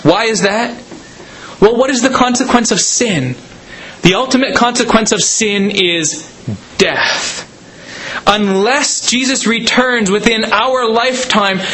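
A man preaching a sermon, dramatic, slowing down for emphasis. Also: sits high, pushed and bright, a little hiss or hum, poor audio. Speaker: pastor.

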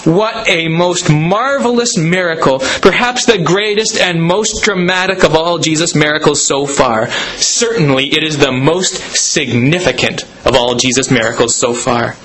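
A man preaching a sermon, dramatic, slowing down for emphasis. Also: on the high side, fairly bright tone, poor audio. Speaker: pastor.

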